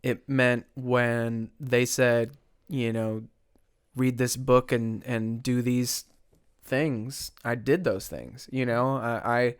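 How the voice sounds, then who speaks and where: A young man telling his recovery story as a podcast guest, earnest and halting, with many restarts. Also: mid-range voice, steady tone, clear, resonant tone, dry recording, clean studio sound.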